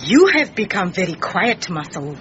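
An actress playing a blunt, teasing female sidekick in a radio drama, with a husky voice. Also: fairly low pitch, sing-song, moderate pace, a bit bright, muffled recording, slight background noise.

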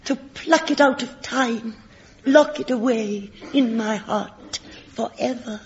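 A woman's voice: fairly high pitch, slow. A dewy-eyed swooning lady. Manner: breathy, swooning, melodramatic. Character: dewy-eyed romantic young English lady. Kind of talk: radio comedy sketch. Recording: lo-fi old radio recording with faint audience.

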